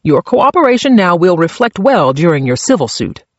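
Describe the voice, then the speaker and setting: A man voicing a slick, smug male defense lawyer who speaks briskly. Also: sits high, big pitch swings, no room sound, highs cut off.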